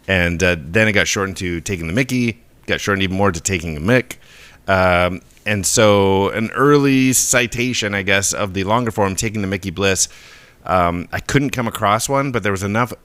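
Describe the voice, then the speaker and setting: A deep-voiced man co-hosting a podcast, chatting casually about where a phrase comes from. He talks in a relaxed, explanatory way, stumbling and restarting his sentences as he goes. The sound is dry and close, with no room around it. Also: no room sound. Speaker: podcast co-host. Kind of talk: casual chat about word origins.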